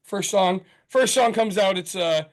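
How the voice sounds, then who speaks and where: A man's voice: high-pitched, measured pace. A man co-hosting a casual podcast chat, heated and profane, telling stories with acted-out quotes. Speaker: podcast co-host.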